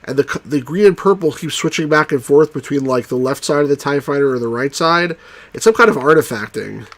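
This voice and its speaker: A man's voice: fairly high pitch, a little fast. A man giving casual, jokey commentary while playing an old computer game. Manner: excitable, jokey, does movie impressions. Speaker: let's play host.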